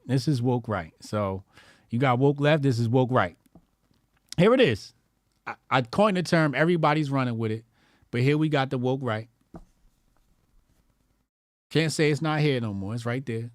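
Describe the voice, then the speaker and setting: A man's voice: medium pitch, normal speed, dry recording, studio quality. A male comedian hosting a loose, profane commentary show, laughing and riffing in slang as he reacts to posts online. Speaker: comedian host.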